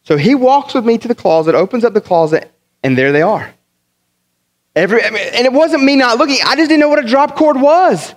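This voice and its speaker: A pastor from the northern United States preaching a sermon, telling funny stories in an animated way and often repeating his words. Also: very high voice, a little fast. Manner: animated, humorous storytelling with many repeated words.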